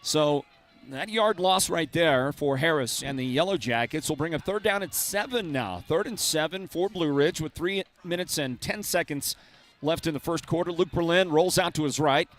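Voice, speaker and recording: A man calling live high school football play by play with brisk, energetic delivery. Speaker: play-by-play announcer.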